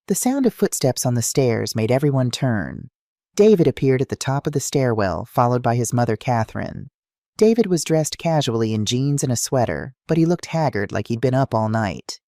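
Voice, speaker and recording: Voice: mid-range voice, sing-song, normal speed, warm tone, no echo, clean studio sound. A narrator reading a dramatic family story aloud in a scripted style.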